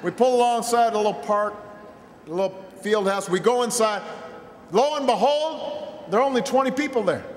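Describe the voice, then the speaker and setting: A high-pitched man speaks at a moderate pace at a campaign rally in a large venue packed with people, telling a self-mocking story that builds into shouted call-and-response. His voice comes through an echoey PA in a long hall with a loud, cheering crowd. There is a little hiss or hum on the recording.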